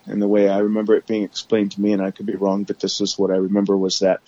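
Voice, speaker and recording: A man guest telling his story candidly on a podcast, halting often with restarts and fillers, over remote call audio. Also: fairly low pitch, completely flat delivery, mellow, no echo, muffled recording.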